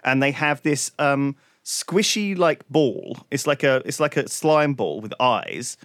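A man from the UK, chatting casually as a podcast host, telling stories in an animated way, swearing often and leaning on "like" and "right?". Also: medium pitch, takes it slowly, no echo, clean studio sound. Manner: animated storytelling, heavy swearing, lots of "like" and "right?". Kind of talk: casual chat.

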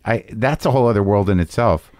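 Halting man interviewer, lowish voice. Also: darkish tone, slight background noise. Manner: halting, with many restarts and repeated words. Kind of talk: casual interview.

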